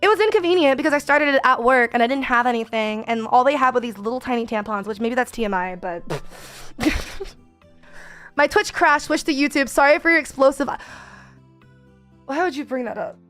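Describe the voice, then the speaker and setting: A young woman streamer chats candidly and expressively with her viewers. Her voice sits high and comes across smooth and clear, with soft background music playing underneath. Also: normal speed, pauses often. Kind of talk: casual chat.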